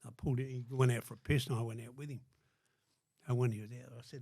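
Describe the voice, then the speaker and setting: Gravelly older Australian man, blunt. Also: medium pitch, fairly even intonation, quick pace, mellow, no room sound, clean studio sound. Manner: blunt, swears constantly, acts out quotes. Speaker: guest. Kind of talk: casual storytelling interview.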